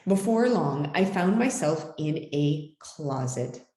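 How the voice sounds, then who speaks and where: A woman's voice: deep voice, expressive, slow pace, mellow, roomy sound. A woman reading a children's picture book aloud as storyteller, with dramatic, swooping delivery.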